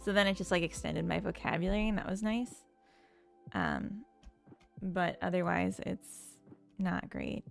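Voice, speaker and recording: Slow, gravelly-voiced woman streamer. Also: fairly low pitch, big pitch swings, faint music behind. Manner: unhurried, chats with viewers and reads their comments. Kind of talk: casual chat while coding on stream.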